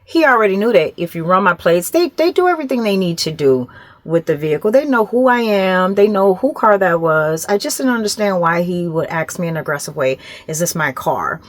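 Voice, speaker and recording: Animated woman vlogger telling a story. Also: medium pitch, a little fast, no echo. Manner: animated retelling, acts out other voices. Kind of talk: casual storytelling to camera.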